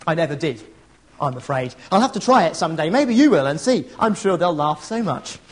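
A man's voice: fairly high pitch, big pitch swings, brisk. A middle-aged man preaching a sermon, earnest and conversational, with storytelling asides. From England.

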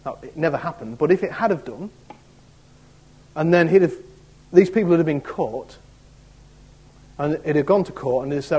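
A man's voice: a little high, lively intonation, moderate pace, long pauses, dark tone, husky, low-quality recording. A man, an assistant pastor preaching conversationally with rhetorical questions. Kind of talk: sermon.

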